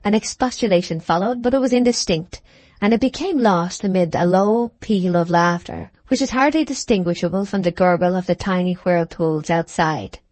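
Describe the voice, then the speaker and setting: A woman with a lowish voice serves as the audiobook narrator for a classic novel, delivering it in an even, measured storytelling style. The recording carries no room sound.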